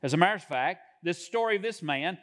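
A man with a notably high voice preaches to his congregation. He speaks in measured phrases and stretches out the words he wants to land. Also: expressive, a bit bright. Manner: measured preaching with drawn-out emphasis. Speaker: pastor. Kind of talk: sermon.

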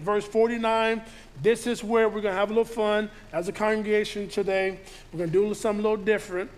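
Man, pastor, sermon, high voice, scripture reading, frequent restarts. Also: steady tone, a little fast. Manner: reads scripture aloud and riffs on it, with many restarts.

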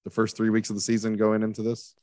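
A man's voice: on the low side, completely flat delivery, fast, darkish tone, no room sound, clean studio sound. A man on a casual sports chat panel, telling stories and often repeating words as he gets going. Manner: chatty storyteller, repeats words as he starts. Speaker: regular panelist.

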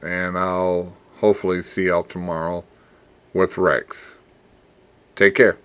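A man hosts his own podcast in a deep, low register. He muses in an earnest, fatherly way, trailing off and repeating words as he gathers his thoughts. He takes his time over each phrase. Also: level tone, fairly bright tone, clean tone. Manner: reflective, rambling, with pauses and repeated words; earnest and fatherly, closing with blessings. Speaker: podcast host. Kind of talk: casual solo podcast monologue.

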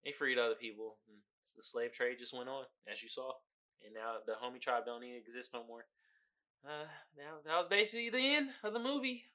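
A man hosting a podcast in a casual, comedic commentary style. He swears freely, laughs often, and swings from low mumbling to loud outbursts. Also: lively intonation, brisk. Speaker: podcast host.

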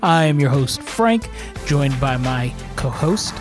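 A man hosting a podcast in casual chat, animated and quick to laugh. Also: mid-range voice, music in the background. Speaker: podcast host.

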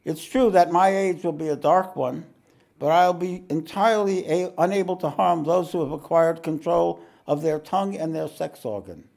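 A towering, booming spirit of the dark age, as a man puts him on, proclaiming in a loud, raised voice. The tone is mellow, with a gravelly edge. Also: very animated, normal speed, hardly any pauses, full character voice. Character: gigantic naked male embodiment of the dark age, booming.

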